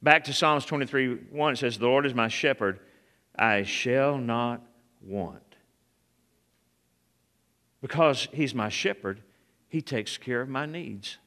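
A man's voice: mid-range voice, slow, pauses often, bright, forceful tone. A man preaching a sermon, calling out to the congregation and building to a fervent, raised delivery. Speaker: pastor.

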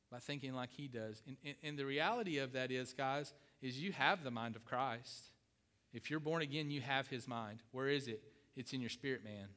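A man's voice: medium pitch, fairly bright tone, in a large hall. A middle-aged man preaching a sermon, emphatic, repeating key phrases and asking his congregation questions. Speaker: pastor.

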